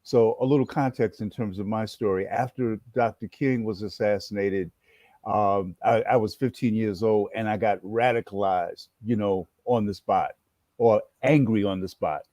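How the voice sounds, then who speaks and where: A man in his sixties, from New York, telling a story in an interview. His voice is low and mellow, and he acts the story out with animated energy. The sound is dry and close. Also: normal speed, no room sound. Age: 60s. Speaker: guest, former activist and educator.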